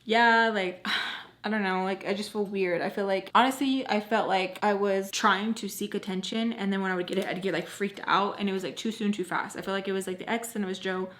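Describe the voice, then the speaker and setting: A woman's voice: medium pitch, steady tone, quick pace, few pauses. A young adult woman vlogger telling a personal story in rambling, filler-heavy casual talk.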